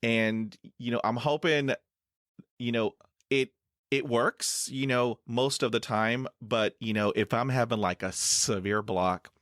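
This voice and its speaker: On a clean studio recording with no echo, a middle-aged podcast host speaks in a steady, mid-range, slightly bright voice at a measured pace. Interviewing a guest conversationally, he stutters with repeated sounds and blocks, packs his speech with "you know," and is quick to laugh.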